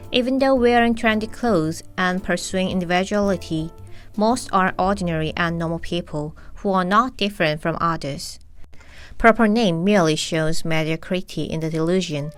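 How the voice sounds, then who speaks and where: A woman reading a scripted philosophy lecture in a measured, explanatory way; her first language is Korean. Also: lowish voice, fairly bright tone. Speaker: narrator.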